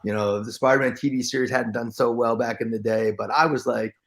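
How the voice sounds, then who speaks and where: A man telling stories as an actor guest in an interview, excitable and full of restarts and acted-out quotes. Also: medium pitch, brisk, creaky. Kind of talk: storytelling interview chat.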